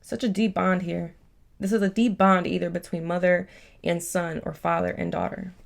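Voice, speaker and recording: Gravelly-voiced woman reading tarot. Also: fairly low pitch, steady tone, normal speed. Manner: chatty and emotional, with fillers and laughs. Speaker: tarot reader.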